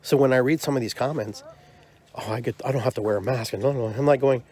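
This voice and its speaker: Speaking quickly in a darkish, medium-pitched voice, a podcast host who leads a drum circle launches into an angry, exasperated monologue. Rhetorical questions come again and again.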